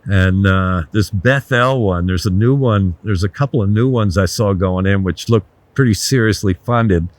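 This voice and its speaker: A man's voice: lowish voice, moderate pace, hardly any pauses, no echo. Blunt older man telling stories. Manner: blunt, swears, animated anecdotes. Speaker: guest, resort founder. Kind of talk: casual storytelling interview.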